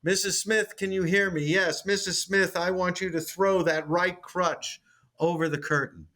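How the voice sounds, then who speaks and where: A man's voice: high-pitched, fairly even intonation, measured pace, sharp tone, voice pushed up, heavily acted. A man voicing a male faith healer who calls out to a tent crowd like a showman. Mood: preaching.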